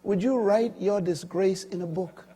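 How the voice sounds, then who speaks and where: A middle-aged man preaching a sermon, swinging between hushed asides and loud, emphatic climbs that break into shouts on key points. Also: high voice, unhurried, slight background noise.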